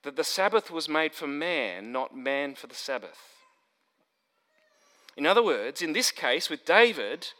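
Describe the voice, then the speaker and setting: A man preaching an expository sermon, emphatic, building to stressed points and then dropping low. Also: fairly bright tone. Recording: long hall reverb.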